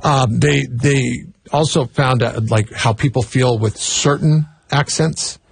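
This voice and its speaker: A man with a General American accent, co-hosting a casual chat, chatty and quick to laugh. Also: medium pitch, fairly even intonation, vocal fry, husky. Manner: chatty, laughs easily, restarts often. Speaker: podcast co-host.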